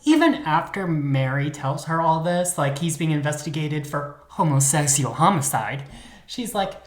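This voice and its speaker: A woman's voice: low voice, big pitch swings, normal speed, roomy sound. A woman co-hosting a podcast, telling a true crime story in a chatty, sassy way with lots of fillers. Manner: chatty, filler-heavy, dramatic retelling with sass. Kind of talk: casual storytelling chat.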